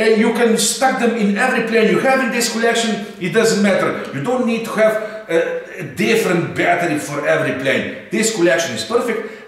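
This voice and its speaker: A man's voice: high voice, a bit bright, far from the mic. Chatty man. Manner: chatty, rambling, repeats "eh?". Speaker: RC hobby channel host. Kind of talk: casual unboxing chat. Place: indoor hangar room. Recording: echoey room, mic set back.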